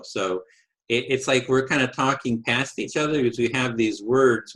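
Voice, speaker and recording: A man's voice: mid-range voice, fairly bright tone, low-quality recording. Earnest man hosting a discussion. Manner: earnest, retelling exchanges with acted quotes. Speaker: host. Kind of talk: conversational discussion. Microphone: video call.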